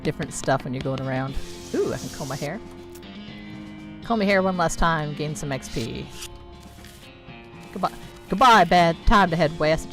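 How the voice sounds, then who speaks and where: Low-voiced woman streaming a game. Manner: playful, reads on-screen text with wry asides. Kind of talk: casual let's-play commentary, reading game text aloud. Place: home streaming setup. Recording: game music playing behind the voice.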